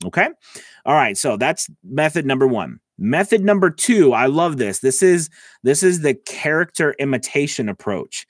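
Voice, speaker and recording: A man's voice: a little high, big pitch swings, moderate pace, no room sound, studio quality. Chatty man teaching voice-over. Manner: chatty, lots of "all right" and "okay" fillers. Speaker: voice-over coach. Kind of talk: casual tutorial talk. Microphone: close mic, about six inches away.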